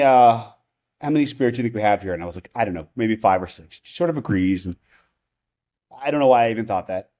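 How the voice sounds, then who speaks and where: A man's voice: mid-range voice, a little mellow. A man who is a podcast guest telling a personal story in casual conversation, rambling, restarting his sentences and often asking "right?".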